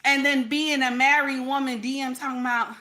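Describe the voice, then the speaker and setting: A married woman hosting her own channel, giving blunt, profane, animated commentary straight to her viewers. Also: sits high, brisk. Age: adult, married. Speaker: channel host.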